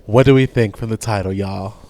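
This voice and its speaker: A man's voice: fairly low pitch, fairly quick, darkish tone, a little hiss or hum. Man reading a post aloud on a podcast. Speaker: podcast co-host.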